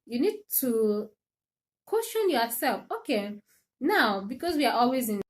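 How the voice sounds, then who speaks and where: A woman, her voice sitting a little on the high side. She talks in a loose, chatty way and laughs often as she speaks straight to her viewers. This is an easygoing livestream monologue. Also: sing-song, measured pace. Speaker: livestream host.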